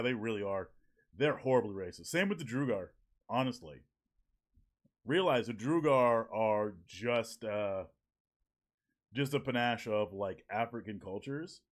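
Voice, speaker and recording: Lively, profane streamer man. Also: mid-range voice. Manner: profane, joking, laughs often. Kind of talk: casual live-stream chat reacting to viewers. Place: home at evening.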